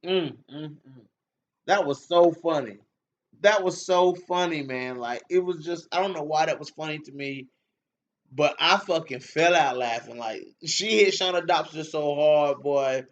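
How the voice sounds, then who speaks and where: A man's voice: on the high side, unhurried. A man hosting a casual fight-talk livestream, reading comments, slangy and laughing often, repeating himself. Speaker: MMA show host reading live comments. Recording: dull lo-fi stream audio.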